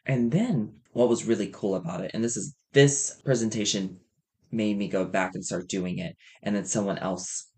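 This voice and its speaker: A man who teaches kindergarten, talking with fellow teachers in a casual chat and speaking loudly and exuberantly. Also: lowish voice, normal speed. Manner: excitable, loud and exuberant.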